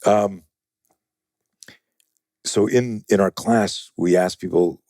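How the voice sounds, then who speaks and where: Low, dark-voiced man telling stories. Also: slow pace, no echo, studio quality. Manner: animated, profane, acts out quoted voices. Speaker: guest, self-defense and fear-management trainer. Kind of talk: conversational storytelling in a podcast interview.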